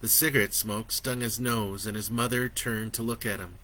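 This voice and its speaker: A man narrating his own horror story in a slow, expressive way that builds in intensity. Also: lowish voice.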